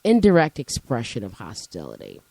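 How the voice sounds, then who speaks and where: A woman's voice: rumbling low, wildly swooping pitch, normal speed, creaky, darkish tone, breathy edge, no room sound, rough recording. A woman co-hosting a casual chat, teasing her partner and lecturing him on words and definitions. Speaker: co-host.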